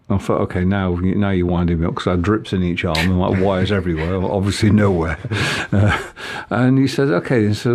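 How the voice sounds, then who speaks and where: This man has a low, darkish voice and tells a personal story in casual conversation as a guest. He halts often and keeps restarting his sentences.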